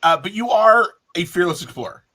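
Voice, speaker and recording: A man running a tabletop game as game master, playful, with quick asides. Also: sits high, lively intonation, sharp tone.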